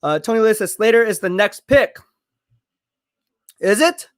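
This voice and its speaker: A high-voiced man hosting a live stream, talking in a hyped, chatty way and reading out comments from viewers. He sounds a little out of breath, as if he is exercising while he talks. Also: expressive, moderate pace. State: out of breath from curls. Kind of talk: live draft watch party, reading chat.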